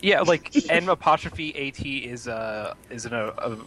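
A man with a Western Pennsylvania accent, a podcast guest talking casually and haltingly. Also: mid-range voice, lively intonation, background noise. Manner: hesitant, halting, with restarts.

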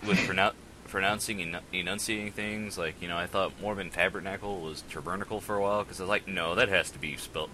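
A man's voice: deep voice, steady tone, quick pace, sharp tone, slight background noise, low-quality recording. A man hosting a casual podcast on a headset mic, rambling and joking at his own expense. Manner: rambling, self-mocking, laughs often. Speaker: podcast host.

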